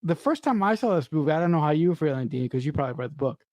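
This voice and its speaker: A woman co-hosting a podcast in casual chat, excitable and profane, often stumbling over restarts. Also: sits low, racing, no echo. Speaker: podcast co-host.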